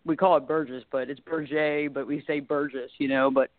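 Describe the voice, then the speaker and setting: A woman's voice: extremely low pitch, steady tone, brisk, no echo. A middle-aged woman with a light Southern drawl talks in a chatty, rambling way, laughing easily as a guest. Her voice comes through a tinny phone line. The sound is dry, with no room around it. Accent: Southern US, light Texas drawl. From Southern United States. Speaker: guest, talk show host and life coach. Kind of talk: casual interview chat.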